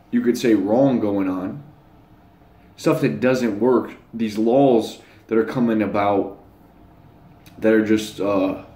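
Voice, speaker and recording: A young man with a low, mellow voice speaks casually to his channel's viewers in an echoey room. His monologue to camera rambles, stays blunt, and leans on crude slang.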